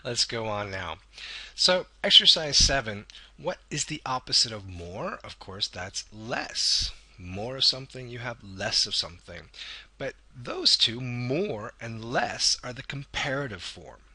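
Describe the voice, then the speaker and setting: A man's voice: mid-range voice, very animated, unhurried, bright, forceful tone, slightly rough. A man teaching an English grammar lesson, patiently explaining and drawing out key words as he goes. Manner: patient, stretches key words, corrects himself. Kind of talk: recorded video lesson.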